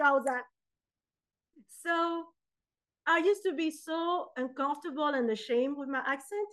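A young adult woman with a French accent, a poet and author answering interview questions in animated storytelling. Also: high voice, normal speed, pauses often. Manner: animated storytelling, acts out quoted voices. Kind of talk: interview conversation.

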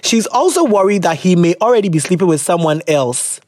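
Young podcast host, animated and swearing freely, dry close mic. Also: medium pitch, a little fast, dry recording. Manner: animated, laughing, swearing, switching into local phrases. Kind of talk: casual chat reading listener letters.

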